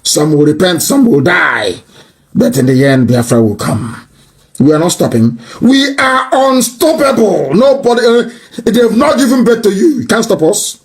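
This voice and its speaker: A man delivering an impassioned, mocking political tirade that rises to shouts. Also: high-pitched, sing-song, normal speed. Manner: mocking, scornful, rising to shouts.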